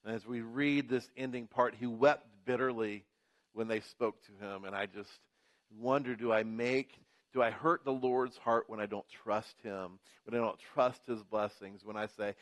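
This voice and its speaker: A man's voice: mid-range voice, steady tone, moderate pace. Man preaching with rhythmic repetition. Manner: rhythmic repetition, rising emphasis. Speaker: pastor. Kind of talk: sermon. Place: church.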